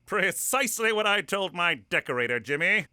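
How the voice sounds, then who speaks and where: A man's voice: high voice, lively intonation, pushed and bright, clear, resonant tone, dry recording, heavily acted. An actor playing a fussy, prim man reciting house rules in a prissy manner. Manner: prissy, fastidious. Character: fussy prim male host laying down rules. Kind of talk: adult cartoon voice acting.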